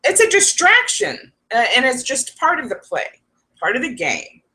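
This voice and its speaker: A woman's voice: sits high, huge pitch swings, normal speed, sharp tone. A woman psychic advisor talking to her viewers in a casual, rambling vlog, laughing often.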